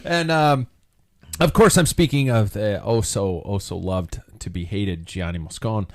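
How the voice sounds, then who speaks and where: A man with a very low voice hosts a live podcast from a studio, chatting casually with his panel. He tells jokes and keeps asking the others what they think. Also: a little slow. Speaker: podcast host. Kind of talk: casual chat.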